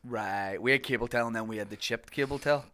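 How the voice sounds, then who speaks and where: A man's voice: mid-range voice, fairly quick, pushed and bright. A man, a podcast guest chatting casually with dry, laid-back remarks. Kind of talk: casual chat.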